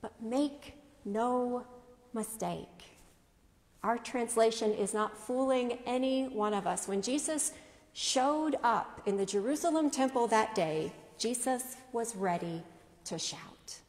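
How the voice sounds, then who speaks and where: In a reverberant church, a woman pastor gives a measured sermon full of rhetorical questions. Her somewhat high voice is unhurried yet animated, with a slightly mellow quality, and the space adds a long, ringing reverb.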